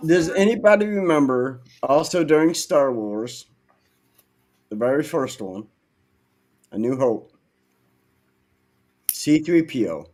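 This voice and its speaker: A man's voice: medium pitch, a little mellow. A man co-hosting a podcast, chatting casually and chiming in often with short agreeing replies. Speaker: podcast co-host. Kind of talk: casual chat.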